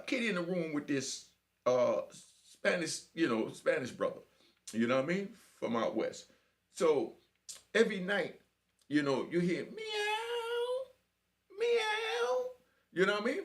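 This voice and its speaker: A middle-aged man tells his story in loose street slang, with a gravelly edge to his voice. His pitch sits a little high and leaps widely, climbing into high meows when he acts out the cat. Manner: streetwise slang with frequent "you know what I mean". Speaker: prison storyteller. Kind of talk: casual spoken storytelling.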